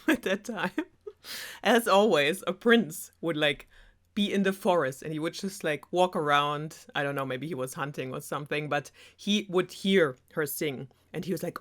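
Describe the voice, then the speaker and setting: A woman's voice: deep voice, normal speed. A German woman, a non-native English speaker, retelling a fairy tale in a sarcastic, chatty way with laughing asides. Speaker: storyteller host.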